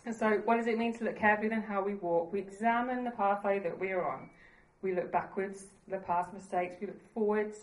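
A woman's voice: medium pitch, fairly even intonation, a little fast, hardly any pauses, roomy sound, rough recording. A woman preaching a sermon in an earnest, conversational way, laughing at herself now and then.

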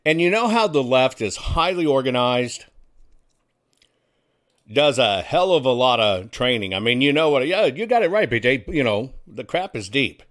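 A man's voice: mid-range voice, very animated, moderate pace, fairly bright tone. A man hosting a casual talk show, talking in a folksy, combative way and throwing rhetorical questions at his listeners. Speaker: host.

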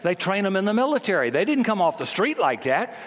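A man's voice: sits high, sing-song, brisk. A man in his seventies preaching a sermon in a folksy, emphatic way, often acting out the voices he quotes. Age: 70s. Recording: long hall reverb.

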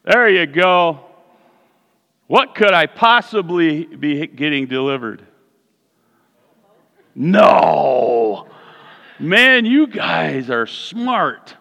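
A man's voice: fairly high pitch, slow, vocal fry. A man preaching a sermon to his congregation, telling a playful story and asking the crowd questions. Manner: playful, animated, talks to the congregation. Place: church sanctuary. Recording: distant hall echo, dull sound.

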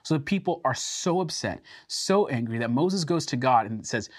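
A man teaching a sermon through scripture, earnest and emphatic, slowing down to stress key words. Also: mid-range voice, animated, dry recording, clean studio sound.

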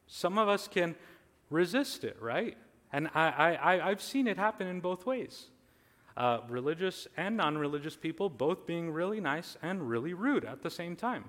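A man's voice: a little high, expressive, moderate pace, fairly bright tone, in a large hall. A man preaching a sermon earnestly, his voice swelling on lists, with casual fillers and restarts. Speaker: pastor.

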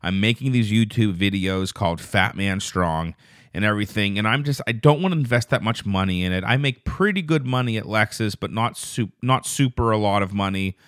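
A man with a lowish voice talks alone into a dry, close mic, unspooling a long, profane anecdote. He drifts and restarts, then jumps up in pitch and speed whenever something outrages him. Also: no room sound. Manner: rambling, profane storytelling; grows loud and fast when indignant. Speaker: podcast host. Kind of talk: casual solo podcast monologue.

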